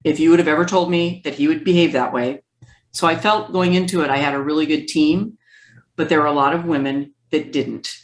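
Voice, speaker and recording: A woman being interviewed as a therapist, telling stories in a lively way and acting out the quoted speech. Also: low voice, fairly quick, reverberant. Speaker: guest therapist. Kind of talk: conversational interview.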